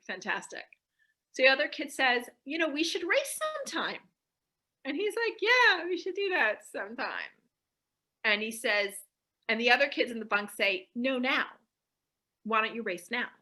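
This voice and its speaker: Woman giving a talk, bright voice kinda high, acts out all the quotes. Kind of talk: storytelling talk to an audience. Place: community center hall.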